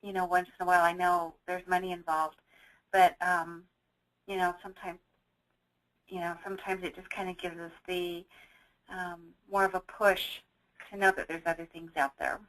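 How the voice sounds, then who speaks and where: A woman's voice: lowish voice, little pitch movement, moderate pace, a bit bright, poor audio. A woman chatting on a conference call, rambling with many fillers.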